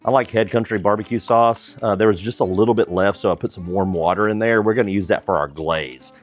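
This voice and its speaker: A man hosting a barbecue cooking vlog outdoors in the snow, relaxed and enthusiastic, chuckling often and feeling the cold. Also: on the low side, a little fast, faint music behind. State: cold from the weather. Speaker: barbecue cooking channel host.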